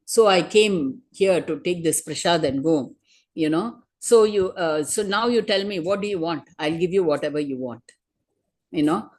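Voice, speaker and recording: Here is a generous but impatient male sky god, as a woman storyteller puts him on, offhand and in a hurry to leave. The voice drops a little lower than her narration and is said plainly, with a fairly low pitch for a woman. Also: a little mellow, lightly acted. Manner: offhand, hurried.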